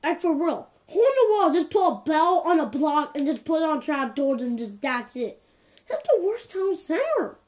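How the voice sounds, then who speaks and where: A woman with a high voice giving casual game commentary. Her pitch swings widely, and she talks in an animated, exasperated way, circling back to the same complaints again and again. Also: normal speed. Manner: animated and exasperated, repeats "like, for real". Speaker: gameplay commentator.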